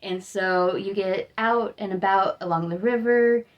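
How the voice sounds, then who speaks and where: A woman's voice: medium pitch, a little slow, lo-fi sound. A young American woman chatting casually in a vlog, rambling and upbeat, sounding tired. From United States. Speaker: vlogger.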